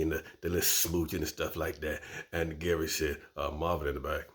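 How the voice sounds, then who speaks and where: A man's voice: very deep voice, a little fast. A man, telling a personal story as host and acting out voices. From Florida, USA. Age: 50s. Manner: animated, acts out voices.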